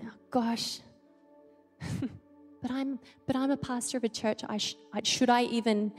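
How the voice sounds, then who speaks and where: A middle-aged woman pastor preaching a personal story in a confiding, emotional way, often halting. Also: on the high side. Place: church auditorium. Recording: church hall reverb, soft music.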